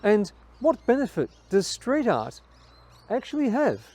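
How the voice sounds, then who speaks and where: A man doing a high, swooping mock news anchor. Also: huge pitch swings, unhurried, dark tone, full character voice. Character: mock news anchor, male, arch and incredulous. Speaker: sketch host. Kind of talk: parody news report.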